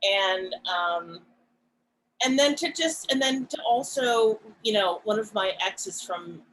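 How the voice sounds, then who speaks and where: A woman co-hosting a podcast, talking in a reflective, casual way, soft-spoken and pausing often with fillers. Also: mid-range voice, animated, a little hiss or hum, poor audio. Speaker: podcast co-host.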